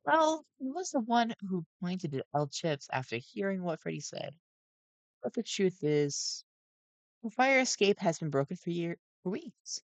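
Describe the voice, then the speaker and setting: A man voicing a gentle, nervous robot daycare attendant who speaks softly and formally. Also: sits high, big pitch swings, measured pace, dry recording, voice pushed up, full character voice, low-quality recording. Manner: soft, hesitant, formal.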